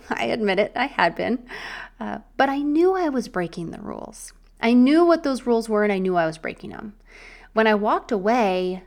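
A young woman hosts a solo faith podcast, speaking straight to her listener. Her talk is earnest and encouraging, casual and chatty, and her pitch sits in an ordinary middle range. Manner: chatty with filler words.

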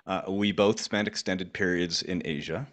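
A man hosting a sports business podcast, asking questions in a playful, lively way. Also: sits low, moderate pace. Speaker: podcast host. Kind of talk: podcast interview and outro.

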